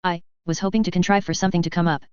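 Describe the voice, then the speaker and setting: Woman narrator voicing a sly predator posing as a lover, coy, quick, lo-fi. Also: lowish voice, flat delivery, clear, resonant tone, dry recording, natural voice. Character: uncanny predatory young woman, teasing.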